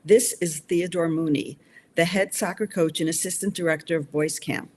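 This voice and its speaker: A woman voicing a busy female camp office administrator in a brisk, businesslike way. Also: fairly low pitch, fairly even intonation, a little mellow, a little hiss or hum, lightly acted.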